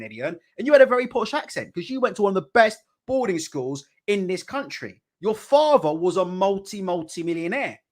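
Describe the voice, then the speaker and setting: Heated, swearing British boxing ranter. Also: male voice, high voice. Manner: heated, profane, repetitive rhetorical questions. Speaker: boxing channel host. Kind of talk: ranting live commentary. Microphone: desk mic.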